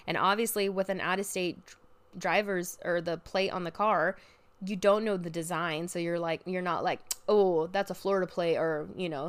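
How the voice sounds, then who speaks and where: A young woman ranting casually as a podcast host, swearing freely and bursting into loud outbursts. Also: on the low side. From Oregon, US. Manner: animated, profane venting with sudden loud outbursts.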